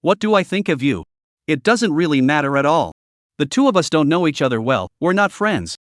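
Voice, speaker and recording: A man's voice: fairly high pitch, sing-song, fairly quick, dry recording, studio quality. A man voicing a blunt, cool-headed young woman who questions others sharply. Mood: cold.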